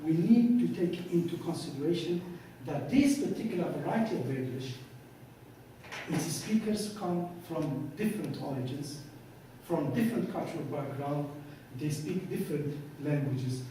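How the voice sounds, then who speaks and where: A man with a high, soft-edged voice gives a lecture and acts out both sides of the conversations in his anecdotes. He is picked up from far off in a very echoey hall. A faint hiss runs underneath. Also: animated, normal speed.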